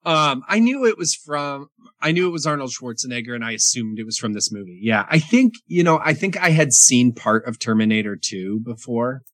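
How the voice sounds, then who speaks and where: Guy on a podcast going over movie notes, bright crisp voice, dry close sound. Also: medium pitch, expressive, brisk, dry recording. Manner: laughs often, trails off into quoting scenes. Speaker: podcast co-host reviewing movies. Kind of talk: casual chat.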